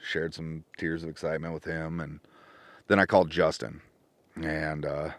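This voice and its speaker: A middle-aged man with a very deep voice tells his story at a relaxed podcast pace, recorded dry and close. He gets animated and acts out the voices in his phone calls. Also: normal speed, no room sound. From Washington State. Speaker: podcast guest. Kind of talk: casual storytelling chat.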